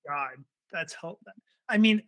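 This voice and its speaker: A man's voice: on the high side, lively intonation, a little slow, fairly bright tone. A man hosting a casual interview, laughing along and reacting eagerly. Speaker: podcast host.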